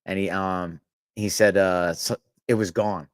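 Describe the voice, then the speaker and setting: This man sits at a podcast mic and spins long, meandering anecdotes, stumbling over restarts and breaking into laughter. His voice sits on the low side and sounds close and dry. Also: steady tone, unhurried, no room sound. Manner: rambling anecdotes with frequent laughs and profanity. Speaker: podcast co-host. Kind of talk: casual storytelling chat.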